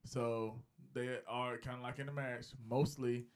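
A man's voice: mid-range voice, little pitch movement, moderate pace. A man hosting a podcast, chatting casually and speaking straight to his listeners. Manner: conversational, addresses listeners directly. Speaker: podcast host. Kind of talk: casual chat.

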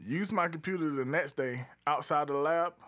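A slightly higher, bright-toned man in easygoing conversation. He talks in loose slang, full of ums and restarts. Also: normal speed. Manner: laid-back slang, fillers, trails off searching for names. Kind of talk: casual chat.

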